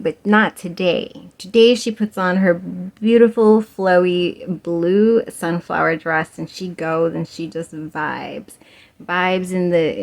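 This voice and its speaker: A young woman giving a casual pick-a-card tarot reading chats and giggles, filling her talk with fillers and laughs. Her voice is lowish and creaky with a darkish tone.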